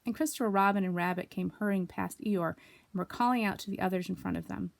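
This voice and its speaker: A woman reading a children's story aloud, expressive, with asides to young listeners. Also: mid-range voice, fast, vocal fry, no echo. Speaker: storybook reader.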